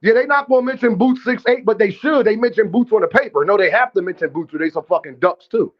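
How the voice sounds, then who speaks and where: A man's voice: sits high, fast talker, muffled recording. A man hosting a boxing livestream in casual commentary, brash and profane, trash-talking viewers and calling out his chat directly.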